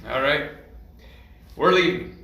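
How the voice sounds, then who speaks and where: A man voicing a tall, slender cat-folk man who is blunt and dismissive, talking in a flat, matter-of-fact way. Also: fairly high pitch, takes it slowly, gravelly, slight background noise, exaggerated voice. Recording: echoey room, mic at a distance.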